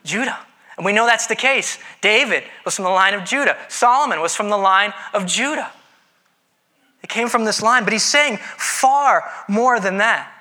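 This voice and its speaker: A man preaching a sermon in a conversational way, with dramatic pauses and playful voiced asides. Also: sits high, animated, bright, forceful tone. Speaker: pastor.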